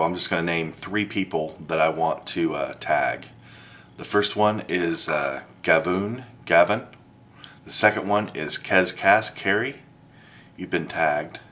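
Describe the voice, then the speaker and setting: A man's voice: sits low, fairly bright tone. A man talking casually to camera in a video blog, rambling with many fillers and self-deprecating asides. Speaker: vlogger.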